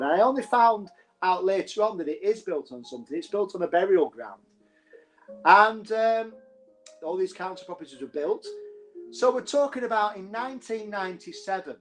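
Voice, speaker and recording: Chatty northern English man telling ghost stories. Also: a little high. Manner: chatty, jokey, laughs often. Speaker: host. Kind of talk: live-streamed ghost storytelling.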